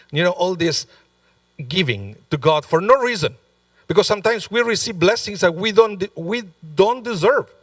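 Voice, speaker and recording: A male rabbi gives a sermon in a chatty, storytelling way, often turning to the listeners with asides. His voice sits a little high, and it is caught dry from a distant microphone. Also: fairly bright tone, no echo. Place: synagogue sanctuary.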